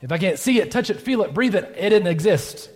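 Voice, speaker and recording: A man's voice: high-pitched, animated, a little fast, a little mellow. A man voicing a doubting, grieving male disciple who is jaded and stubborn, with a weary voice that turns insistent. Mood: defiant. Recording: long reverb of a church hall.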